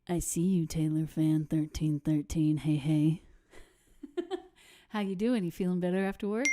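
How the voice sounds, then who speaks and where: On a casual livestream captured by a computer or phone mic, a woman musician chats with her viewers, poking fun at herself and laughing a lot. Her voice is warm and fairly low in pitch.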